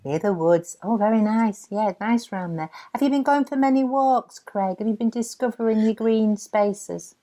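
A woman's voice: fairly high pitch, moderate pace, hardly any pauses, dark tone. Teasing woman hosting a podcast. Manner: homely, teasing, calls people love. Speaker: podcast host. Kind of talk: chatty comic podcast banter. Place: home back bedroom.

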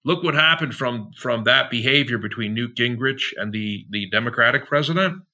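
A man's voice: mid-range voice, animated, normal speed, bright, forceful tone. A middle-aged man, a podcast guest, telling rambling stories in a chatty, slangy way, full of fillers and acted-out quotes. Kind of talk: rambling anecdotal storytelling.

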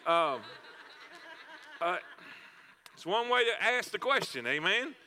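Male pastor, high voice, folksy sermon storyteller, reverberant hall. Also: big pitch swings, takes it slowly, sharp tone, a little hiss or hum. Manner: folksy storytelling with repetitions and fillers. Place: church sanctuary.

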